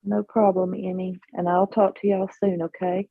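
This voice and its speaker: A woman's voice: on the low side, little pitch movement, normal speed, vocal fry. A woman with a Southern US accent saying folksy goodbyes on a panel. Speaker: panel guest. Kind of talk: casual chat. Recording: tinny phone-like line.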